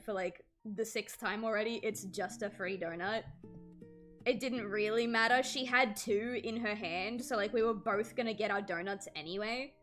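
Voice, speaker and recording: A woman's voice: fairly high pitch, fairly bright tone. A woman in her twenties chatting casually with her stream while drawing, telling stories with many "like" fillers.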